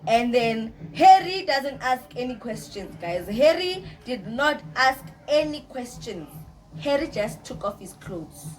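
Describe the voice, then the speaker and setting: A young woman, telling a personal story to camera in a casual, animated way, often repeating herself. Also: a little high, a little slow, soft background music. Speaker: storytime vlogger.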